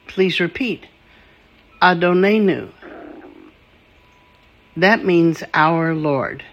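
Language teacher, vocabulary drill, very slow, gravelly, patient call-and-repeat. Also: mid-range voice. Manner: patient, models each word and asks listeners to repeat.

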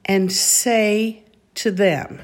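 A woman teaching a call-and-response recitation lesson, saying each word deliberately so listeners can repeat after her. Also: medium pitch, fairly even intonation. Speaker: Bible Hebrew teacher.

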